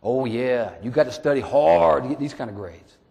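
A man voicing an excited seven-year-old boy answering questions in a matter-of-fact, slightly impatient way. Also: medium pitch, moderate pace, creaky, lo-fi sound. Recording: echoey hall.

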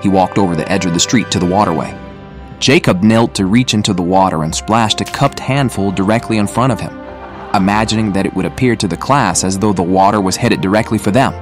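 A man narrating an audiobook in a steady, measured way. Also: low-pitched.

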